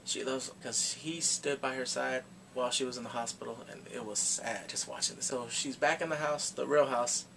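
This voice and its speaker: A young man casually recapping a drama in an animated, dramatic way, full of exclamations. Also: mid-range voice, normal speed, creaky, a little hiss or hum. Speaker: drama reviewer.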